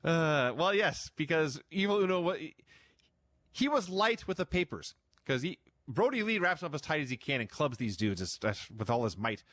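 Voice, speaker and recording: A man's voice: a little high, sing-song, moderate pace, a bit bright, no room sound. A man co-hosting a podcast in casual chat, telling a show's events as a running recap. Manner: storytelling recap, amused. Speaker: podcast co-host.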